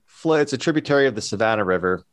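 A man's voice: on the low side, animated, rapid-fire. A man co-hosting a casual podcast chat, easygoing and a little hesitant. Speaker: podcast co-host.

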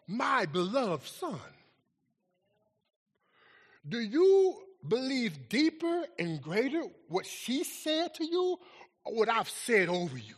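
A man, a pastor preaching a sermon and telling a story, swinging from booming shouts down to hushed, near-whispered lines. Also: wildly swooping pitch, slow pace, pauses often, long reverb tail.

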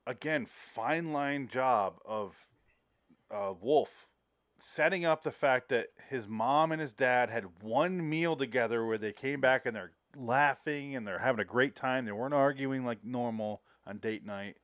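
A man talking casually about a movie, animated and profane, acting out scenes as he retells them. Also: medium pitch, unhurried, dry recording, studio quality.

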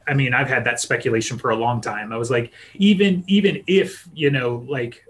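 A man's voice: mid-range voice, moderate pace, a bit bright. A man co-hosting a podcast, rambling in a casual way and filling his talk with "like" and "you know". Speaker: podcast co-host. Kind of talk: casual chat.

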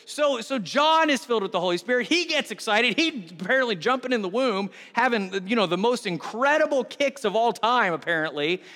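High, bright-voiced animated male pastor. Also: brisk, hardly any pauses, in a large hall. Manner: animated storytelling, acting out scenes. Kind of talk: sermon.

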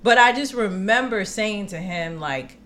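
Animated woman telling a story. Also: mid-range voice, measured pace. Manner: animated, acts out quotes, slangy asides. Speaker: podcast co-host. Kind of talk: casual storytelling chat.

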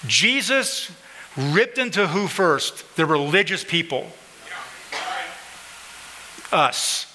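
Here a pastor preaches very slowly and very animatedly, his slightly high voice bright and forceful, singling out people in the congregation and repeating phrases with emphasis. The sanctuary audio is poor, with a long reverb tail and a little hiss or hum.

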